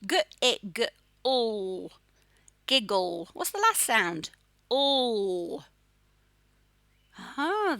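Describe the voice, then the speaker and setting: A woman teaching young children to read, her voice bright and clear, with a dry, close sound and no room around it. She speaks slowly and sounds out each letter in a lively, sing-song way that rises high and drops low. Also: no echo. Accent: Australian. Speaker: phonics teacher. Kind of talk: children's phonics lesson.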